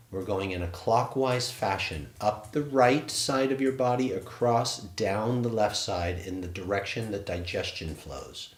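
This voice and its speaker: A man from England, a qigong instructor, leading a guided standing meditation in a soft, slow voice. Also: deep voice, roomy sound.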